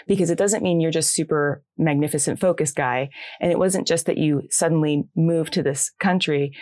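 A woman's voice: low-pitched, no room sound, clean studio sound. A woman interviewing a guest, reflecting back on his answers and asking encouraging questions. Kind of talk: podcast interview.

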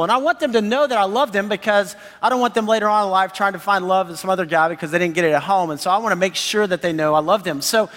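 A man in his thirties preaching a sermon as pastor, animated and enthusiastic, laughing often. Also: high-pitched. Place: church sanctuary. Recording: long hall reverb.

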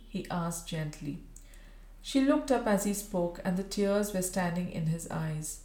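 A woman narrating a Victorian story, steady and even. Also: fairly low pitch, a little slow. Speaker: audiobook reader. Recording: roomy echo.

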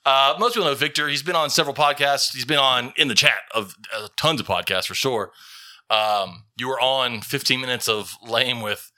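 A man's voice: mid-range voice, moderate pace, bright, forceful tone, no echo, studio quality. A man hosting a casual podcast, joking and teasing his guest. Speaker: podcast host. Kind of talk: casual chat.

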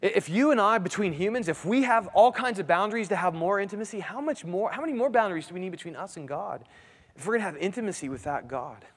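A man's voice: sits high, expressive, quick pace, a bit bright, breathy edge. A man in his thirties preaching a sermon in a conversational way, restarting phrases and asking his listeners "right?". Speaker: pastor. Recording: long hall reverb.

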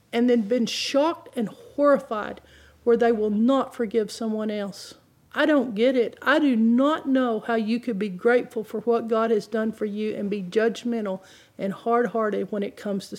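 A woman's voice: fairly high pitch, darkish tone. A woman preaching a sermon, telling stories and reading scripture in an earnest, emphatic way.

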